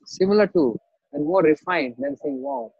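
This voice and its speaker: A man gives a scripture lecture in a fairly high voice with a husky edge. He tells a story, repeats phrases and checks in with his listeners. The sound is dry and a bit dull. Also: lively intonation, measured pace, no echo. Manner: explains verses, repeats phrases, asks listeners "understand?". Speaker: spiritual teacher.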